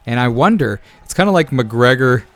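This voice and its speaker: A man's voice: mid-range voice, moderate pace. Hyped-up male game commentator. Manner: energetic and hyping, keeps addressing his viewers. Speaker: video game tournament commentator.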